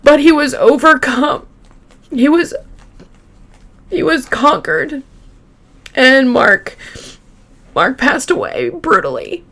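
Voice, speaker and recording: A woman hosting a true crime show, retelling a case casually with halting fillers and restarts, openly shaken by the grim details. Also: sits high, very animated, a bit bright. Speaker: true crime podcast host.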